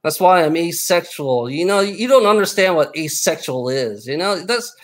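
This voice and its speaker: Here a man with a fairly high, slightly bright voice and lively intonation rants at his live stream chat at a moderate pace. The tirade is casual but angry, full of cursing, repetition and stammered restarts.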